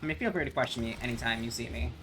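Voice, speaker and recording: A man's voice: medium pitch, very fast. Man, casual game commentary, joking and playful; faint noise behind. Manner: playful, joking, stumbles reading aloud. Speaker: gaming streamer.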